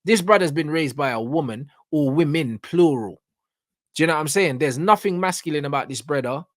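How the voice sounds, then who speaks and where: A man's voice: on the high side, animated, brisk, no echo, studio quality. A man with a London accent hosting a reaction show, ranting emphatically in street slang and checking in with his listeners again and again. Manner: emphatic, street slang, keeps asking "you get me".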